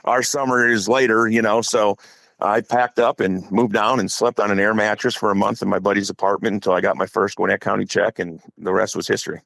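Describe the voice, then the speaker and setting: A man's voice: on the low side, steady tone, a little fast, creaky, fairly bright tone, no room sound. A middle-aged man from Wisconsin, a football coach, telling stories casually and at length as a podcast guest. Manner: talkative, acts out quotes in stories. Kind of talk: casual storytelling.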